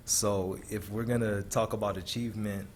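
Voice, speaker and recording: Low-voiced man chairing a board meeting. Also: steady tone, normal speed, slight background noise. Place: school board meeting room.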